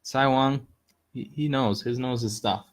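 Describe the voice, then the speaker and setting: A man tells a folk tale on a casual live stream, upbeat and chatty. His voice sits at an ordinary middle pitch for a man. He stops now and then to explain a word and points at pictures as he goes. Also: steady tone, unhurried. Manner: narrates over pictures he points at. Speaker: host telling Chinese fables.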